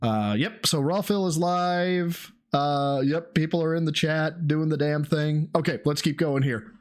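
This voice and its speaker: A man's voice: on the high side, unhurried. A man hosting a live stream who mocks the people in the clip, laughs a lot, swears freely and acts out impressions of them. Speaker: stream host reacting to a clip.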